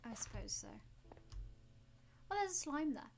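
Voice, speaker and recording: Her voice sits high and sing-song, moving a little slowly, as she live-streams a game and teases her viewers in playful mock outrage. Music plays under her voice throughout.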